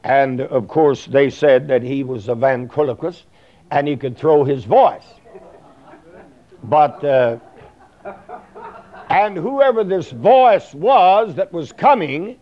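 A man's voice: fairly high pitch, expressive, slow, long pauses, a little mellow. A man preaching a sermon in a folksy, rambling way, full of fillers and plain talk. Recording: dull lo-fi recording.

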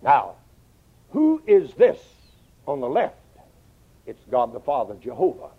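A man preaching a sermon in an animated way, quoting scripture in old English wording and swinging his pitch widely. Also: unhurried, slightly rough. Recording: dull lo-fi old sermon tape.

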